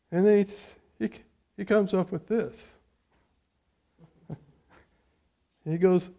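A middle-aged man preaching as a pastor, lifting his voice loud on scripture and dropping to quiet, conversational asides. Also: sits high, steady tone, slow, gravelly, long pauses. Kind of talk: sermon.

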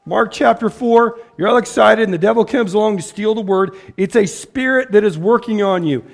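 A pastor who preaches plainly and bluntly, like he is chatting with the room. His voice sits high for a man and has a gravelly edge. He restarts and repeats words as he goes and slips into quick impressions of the people in his stories. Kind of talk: casual sermon.

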